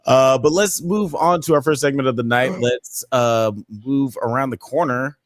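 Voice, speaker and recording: A man's voice: medium pitch, moderate pace, dry recording. A man hosting a casual podcast, loosely moving the show from segment to segment. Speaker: podcast host. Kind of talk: casual chat.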